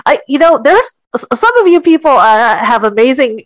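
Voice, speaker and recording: A chatty woman co-host with a fairly high voice, talking in a loose, rambling way and restarting her sentences often. Her voice sounds dry and close, with no room echo. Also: very animated, moderate pace. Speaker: podcast co-host. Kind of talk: casual group chat.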